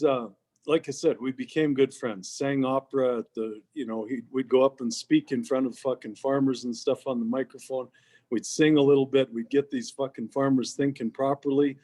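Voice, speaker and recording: A man co-hosting a casual chat, telling rambling stories and swearing constantly. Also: medium pitch. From Canada. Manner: profane, animated storyteller, swears constantly. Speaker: podcast co-host.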